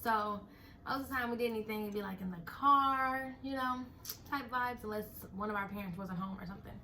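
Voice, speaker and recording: A young woman telling a story in casual chat, animated and breaking into laughter as she retells it. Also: fairly high pitch, fairly quick, slight background noise. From Texas. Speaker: storyteller host.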